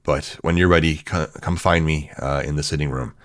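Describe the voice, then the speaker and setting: A man voicing an effusive, portly, well-dressed older gentleman who hosts a party. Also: fairly even intonation, normal speed. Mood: hushed. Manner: booming, effusive welcome. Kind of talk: tabletop role-play character voice.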